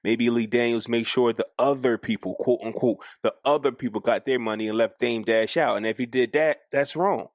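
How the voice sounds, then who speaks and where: A man co-hosting a podcast in casual chat, animated and arguing his point, acting out quoted lines. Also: medium pitch, moderate pace, few pauses, no room sound, clean studio sound. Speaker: podcast co-host.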